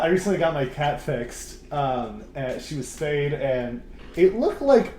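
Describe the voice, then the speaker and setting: A man co-hosting a podcast, cracking quick jokes in casual chat. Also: a little high, roomy sound, slight background noise. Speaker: podcast co-host.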